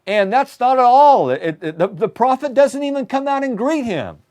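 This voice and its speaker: A man delivering a sermon in a high voice that swoops up and down with a lot of energy. He tells the scripture story emphatically and keeps doubling back on his words as he builds each point. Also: expressive, moderate pace, darkish tone. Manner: emphatic storytelling, often restarting phrases. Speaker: preacher. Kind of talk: sermon lesson.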